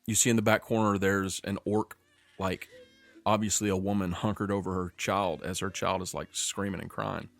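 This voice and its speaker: Male game master, lowish voice, unhurried scene narration. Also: level tone, gravelly, a bit bright, dry recording. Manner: slows down for dramatic scene narration.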